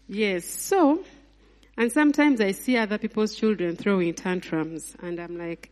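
A married woman preaching a lively sermon, acting out scenes with laughs and sudden high exclamations. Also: slow. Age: adult, married mother. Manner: acts out voices of people and God in her retelling. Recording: long hall reverb.

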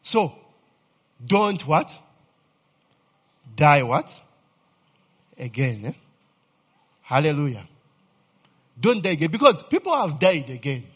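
A man's voice: a little high, sing-song, slow, long pauses, husky. A man preaching a sermon, constantly checking in with his listeners and asking them to fill in words. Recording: reverberant hall.

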